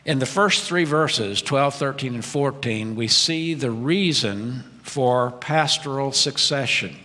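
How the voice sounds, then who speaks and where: A man's voice: mid-range voice, slow, sharp tone. A man, the retiring pastor, preaching a sermon in a conversational way, with frequent "uh" fillers between phrases. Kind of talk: sermon with scripture reading. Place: church sanctuary. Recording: long church hall reverb.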